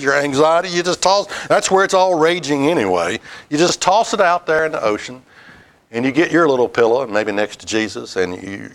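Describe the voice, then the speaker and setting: A man preaching a sermon with lively, swooping pitch. He reads scripture aloud, laughs easily, and sinks into a soft, hushed, reassuring voice. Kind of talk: sermon with Bible reading.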